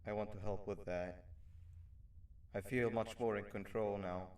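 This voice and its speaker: A man's voice: fairly low pitch, measured pace, distant mic, lightly acted. A man voicing a remorseful game creature who wants to make amends, speaking earnestly. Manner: earnest, apologetic and steady. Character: remorseful monster turned ally, male, apologetic.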